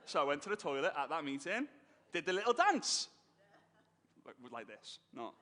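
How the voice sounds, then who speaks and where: A man telling his business story on stage, animated and emotional, acting out what others said. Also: a little high, normal speed. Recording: long hall reverb.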